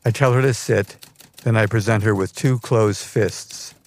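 A man's voice: lowish voice, steady tone, a little slow. A man narrating a scripted personal memoir in a dry, wry storytelling manner. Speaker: podcast narrator.

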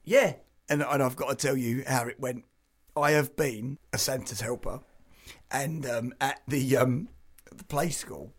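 A man's voice: mid-range voice, a little slow, husky. A man co-hosting a comedy podcast, rambling and restarting his stories through laughter. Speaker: podcast co-host. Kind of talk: casual comedy banter.

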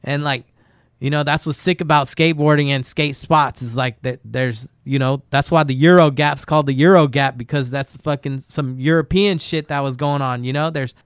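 A man's voice: medium pitch, fairly even intonation, normal speed, smooth, no echo, clean studio sound. A man talking casually on a podcast, laid-back and rambling, swearing a lot as he tells skate stories. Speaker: guest skateboarder.

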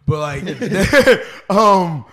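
A man's voice: high-pitched, animated, extremely slow, fairly bright tone. Young guy from arkansas chatting on a couch, loose slangy storytelling, lots of "like". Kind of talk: casual chat. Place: living room couch.

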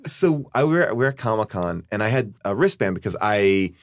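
A man's voice: on the low side, fairly quick. A man who is a comedic actor, guesting on a podcast and telling a rambling anecdote in casual talk, acting out what people said and leaning hard on "like". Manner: animated, rambling, heavy use of "like", acts out quoted lines. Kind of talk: casual storytelling.

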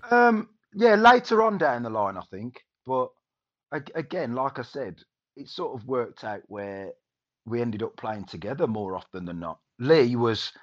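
A man's voice: medium pitch, very animated, measured pace. A man, a former footballer, reminiscing casually in a rambling way with many restarts. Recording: dull lo-fi sound.

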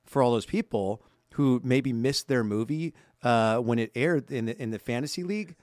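A man's voice: mid-range voice, moderate pace, a little mellow, no room sound. Enthusiastic male co-host, casual chat with a sponsor plug, dry close recording.

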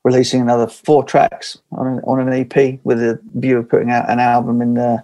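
An English man chatting easily as a podcast guest in a relaxed interview. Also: medium pitch, fairly quick. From England. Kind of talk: casual interview talk.

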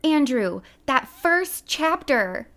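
A woman's voice: sits high, very animated, takes it slowly, fairly bright tone. A woman chatting casually about a book and its movie, laughing often and sometimes reading passages aloud.

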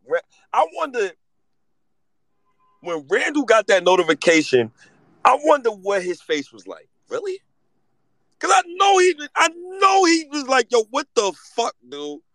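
A man in his thirties hosting a podcast, excitable and profane, with big swings in pitch and loudness. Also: dry recording, rough recording. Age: 30s. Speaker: podcast host. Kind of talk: casual chat.

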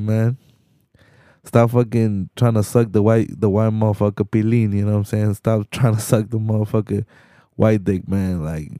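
A man's voice: lowish voice, dark tone, smooth, no echo, studio quality. A young man hosting a podcast solo, ranting in loose, slangy, profane talk and tacking "man" onto nearly every sentence. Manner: slangy, profane, rambling, says "man" constantly. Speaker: podcast host. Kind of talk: casual solo podcast rant.

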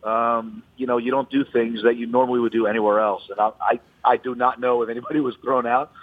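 A man phoning in to a radio show as a golf reporter, telling stories in a lively, animated way. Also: mid-range voice, quick pace. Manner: animated storyteller. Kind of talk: casual radio chat. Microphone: telephone. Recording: tinny phone line.

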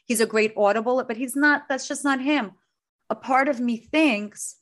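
A woman's voice: high-pitched, normal speed, fairly bright tone. A middle-aged woman, a coach, talking earnestly and from the heart about her work and family in an interview. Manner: earnest, heartfelt, speaks with conviction. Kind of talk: emotional interview conversation.

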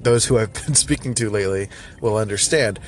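A man's voice: fairly low pitch, a little fast. Rambling man with a mild Philly accent. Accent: mild Philadelphia. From Northeast Philadelphia. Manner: rambling, self-interrupting, laughs often. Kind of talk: casual solo rant. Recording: loud street and car noise.

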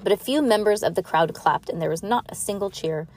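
A woman with a mid-range, darkish voice reads a novel aloud to her child at a brisk clip. It's casual and homey: she sometimes trips over a word and restarts the line, and she laughs and comments between passages.

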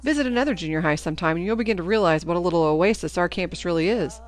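A woman voicing a stern female junior high teacher who gives brisk, commanding instructions to her class in a storybook reading. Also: soft background music, lightly acted.

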